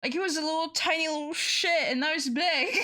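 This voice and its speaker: A young woman with a French accent chatting casually on a stream, swearing a lot, laughing often and repeating herself when she gets excited. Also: high voice, brisk. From France. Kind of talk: casual chat.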